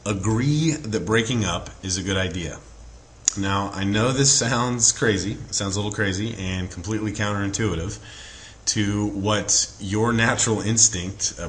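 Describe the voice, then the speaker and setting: A man's voice: deep voice, fairly bright tone, slight background noise. A man giving relationship advice in an earnest coaching tone, with many fillers and frequent check-ins. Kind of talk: instructional talk to camera.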